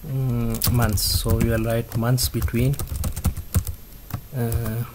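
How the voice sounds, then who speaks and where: A man teaching a database tutorial step by step, halting often with fillers and restarts. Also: mid-range voice, flat delivery, noisy background. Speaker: instructor. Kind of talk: screen-recorded coding tutorial.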